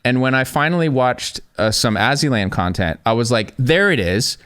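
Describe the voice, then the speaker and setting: A man's voice: mid-range voice, animated, moderate pace, a bit bright, clean tone. A man hosting an interview, talking in a wry, joking way and building playful schemes. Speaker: host. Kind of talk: interview with commentary.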